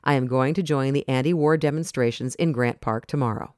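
A reader voicing an idealistic teenage girl in a storybook, talking earnestly and forcefully about protesting. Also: medium pitch, brisk, dry recording, clean studio sound, close to an everyday voice. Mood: insistent. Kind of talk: storybook narration.

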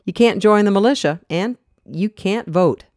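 The reader voicing Mary, a composed wife who answers calmly and politely. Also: mid-range voice, normal speed, no echo, clean studio sound, voice pushed up, natural voice. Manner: calm and polite.

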